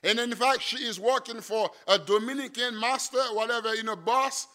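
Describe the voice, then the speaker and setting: High, bright-voiced preacher man. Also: steady tone, moderate pace. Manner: impassioned, swings from loud emphatic to quiet storytelling. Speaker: missionary preacher. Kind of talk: sermon.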